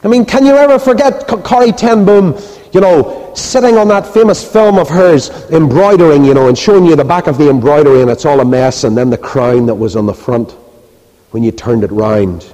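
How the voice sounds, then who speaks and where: A man preaches with emphatic, rhetorical force and sinks soft and low in prayer. His voice sits somewhat high but sounds mellow and dark rather than bright. Long reverb from a large hall trails each phrase. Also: brisk. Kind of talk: sermon and closing prayer.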